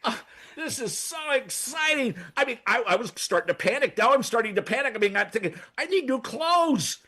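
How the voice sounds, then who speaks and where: High, bright, stammering man. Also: sing-song, brisk, slightly rough. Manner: stammering, frantic, rambling. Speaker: recurring comedy segment guest. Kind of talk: excitable comedic radio chat. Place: radio studio.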